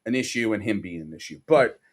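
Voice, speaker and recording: A man's voice: fairly low pitch, expressive, fast. Profane ranting New York man. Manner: profane, exasperated ranting with mocking impressions. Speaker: podcast co-host. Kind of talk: casual sports podcast rant.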